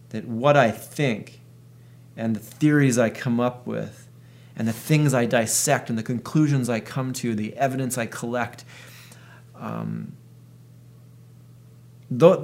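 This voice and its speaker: Gravelly man musing aloud. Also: medium pitch, a little mellow. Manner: musing, thinks aloud in analogies. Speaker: video host. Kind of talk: reflective monologue.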